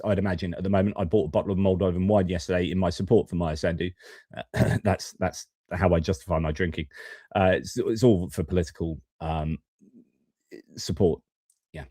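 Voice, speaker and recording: A man's voice: on the low side, dark tone, no echo. A man hosting a geopolitics live stream from his home studio, talking in a chatty, opinionated way with frequent fillers.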